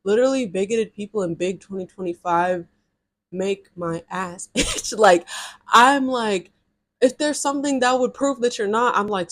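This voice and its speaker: A young woman casually telling a personal story to her followers, chatty and animated, filling her talk with "like". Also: medium pitch, moderate pace. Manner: chatty and animated, with heavy use of "like" and reenacted dialogue. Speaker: storytime vlogger.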